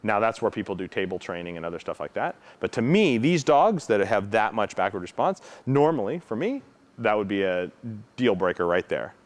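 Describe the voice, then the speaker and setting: A man with a fairly low voice teaches protection dog training to students. He talks casually and keeps checking in with a quick "right?", now and then acting out how the dogs react. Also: big pitch swings. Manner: frequent tag question "right?"; acts out dog reactions with his own voice.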